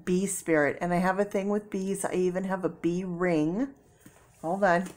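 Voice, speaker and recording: A woman's voice: lowish voice, fairly even intonation, normal speed, darkish tone. A middle-aged woman reading tarot cards to camera in a casual, emotional way, exclaiming and thinking aloud, tearful. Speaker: tarot reader.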